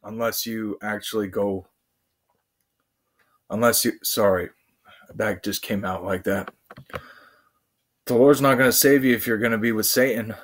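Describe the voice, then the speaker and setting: A man's voice: lowish voice, fairly even intonation. A man vlogging, preaching in a rambling monologue that halts and restarts often. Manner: halting, full of fillers and restarts.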